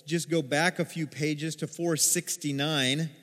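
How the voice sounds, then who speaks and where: A man preaching a sermon as pastor, telling stories with animated acted-out voices. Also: on the high side, unhurried. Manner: animated storytelling, acts out voices in quotes. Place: church sanctuary. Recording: long hall reverb.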